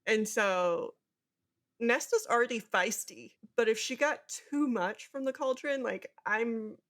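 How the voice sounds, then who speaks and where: A woman's voice: on the high side, slow pace, a bit bright. A woman co-hosting a podcast, retelling a novel's plot in casual chat and briefly acting out the characters' lines. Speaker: podcast co-host. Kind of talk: casual book recap chat.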